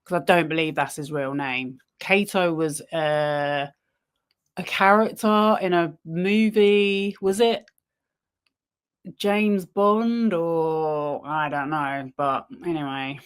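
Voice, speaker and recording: A woman's voice: low voice, clear, resonant tone. A woman hosting a live stream, giving critical commentary and talking directly to her viewers. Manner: unhurried, critical asides to viewers. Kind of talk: casual commentary on a research stream.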